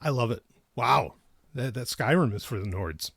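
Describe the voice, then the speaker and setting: A man's voice: mid-range voice, lively intonation, creaky, a bit bright, husky. A man co-hosting a podcast in casual chat, rambling and restarting his sentences, often breaking into laughter. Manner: rambling, self-interrupting, quick to laugh. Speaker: podcast co-host. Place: studio.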